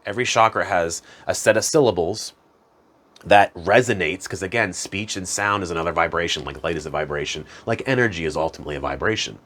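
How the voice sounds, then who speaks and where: A man's voice: sits low, a little fast. A man hosting a self-improvement channel, explaining practices in a casual, conversational way and chuckling at himself now and then. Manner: conversational, chuckles at himself, chants hum softly. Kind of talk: casual instructional talk.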